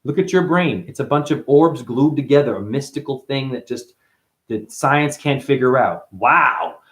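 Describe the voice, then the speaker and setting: A man hosting a livestream, giving a rambling, profane, preachy spiritual monologue with sudden high, loud exclamations. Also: normal speed. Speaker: livestream host.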